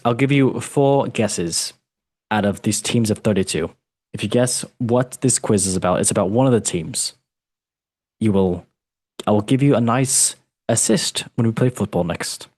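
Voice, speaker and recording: Lowish-voiced guy hosting a quiz, jokey, keeps saying mate. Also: normal speed, darkish tone, no room sound. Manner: playful, teasing, uses mate and brother. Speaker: podcast host and quizmaster. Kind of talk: casual podcast chat.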